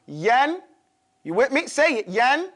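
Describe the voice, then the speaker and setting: High-voiced man teaching a class. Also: very animated, takes it slowly, fairly bright tone. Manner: drills pronunciation, checks in with "okay?". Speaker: Quran recitation teacher. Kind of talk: classroom lesson.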